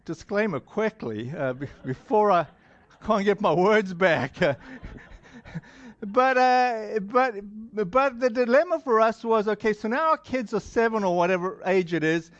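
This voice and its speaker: A man's voice: high voice, lively intonation, measured pace, dry recording. A man with a non-American accent preaching a sermon to a congregation in a loose, rambling way, full of fillers and restarts. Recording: dull lo-fi sound.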